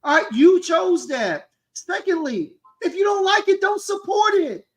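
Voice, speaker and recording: A man's voice: very high voice, sing-song, a little slow. A man, a co-host, ranting heatedly in casual talk, swearing often and repeating himself for emphasis.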